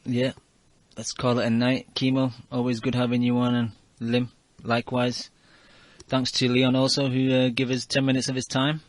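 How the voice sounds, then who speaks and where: A man's voice: medium pitch, completely flat delivery, moderate pace, dry recording. Laid-back male podcast host, dry sound. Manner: laid-back, wraps up the show. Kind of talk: casual chat.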